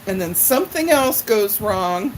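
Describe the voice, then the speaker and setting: A woman's voice: mid-range voice, animated, measured pace, slight background noise, rough recording. A middle-aged woman hosting a live stream in a casual chat, rambling as she greets viewers by name and answers their comments. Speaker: livestream host.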